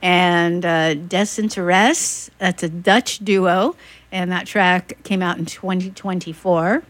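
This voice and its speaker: A woman's voice: fairly low pitch, steady tone, takes it slowly, no echo. A woman radio DJ in casual on-air chat, enthusiastic and reading listener messages. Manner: chatty and enthusiastic, reads listener messages aloud.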